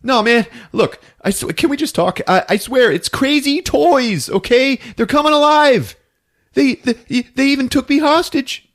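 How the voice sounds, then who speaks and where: A man's voice: high voice, wildly swooping pitch, measured pace, pitched above the performer's own voice, full character voice. A man voicing a nervous, timid man who stammers and pleads.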